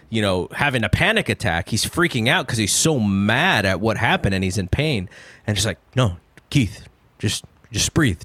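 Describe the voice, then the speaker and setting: A man co-hosting a podcast, talking in a casual, animated way as he rants through a critique. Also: mid-range voice, no room sound. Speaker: podcast co-host.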